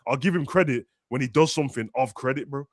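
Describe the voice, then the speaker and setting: A man's voice: mid-range voice, fast talker, no echo. A young man, chatting casually and ranting animatedly as a football podcast host. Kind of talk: casual chat.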